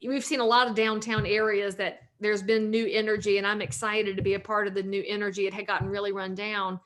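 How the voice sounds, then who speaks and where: A woman's voice: medium pitch, level tone, a little fast, fairly bright tone. A woman in her forties from North Carolina with a Southern US accent, a realtor and author talking at length in a casual interview, upbeat and joking.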